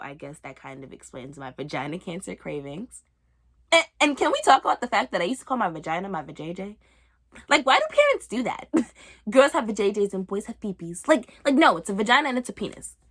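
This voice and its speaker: A young woman comedian telling a stand-up story in an animated, exaggerated, breezy way. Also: medium pitch.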